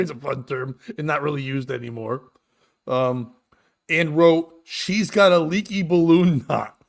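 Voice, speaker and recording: A man's voice: medium pitch, fairly bright tone. A man hosting a casual comedic chat show, reading out texts, mocking them crudely and laughing often. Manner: reads out texts and riffs on them. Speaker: host.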